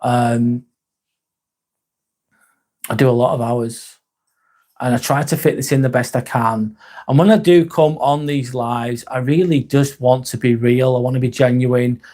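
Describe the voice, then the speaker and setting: An English man hosting a live stream in a casual, rambling chat, reading out and answering viewer comments with a halting, sincere manner. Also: mid-range voice, steady tone, mellow. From England. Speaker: livestream host.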